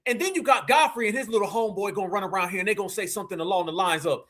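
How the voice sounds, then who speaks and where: A Southern US man hosts a live reaction stream with a very high, bright voice. He talks in brash, preachy street slang and keeps his energy up. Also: very fast, few pauses. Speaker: livestream host.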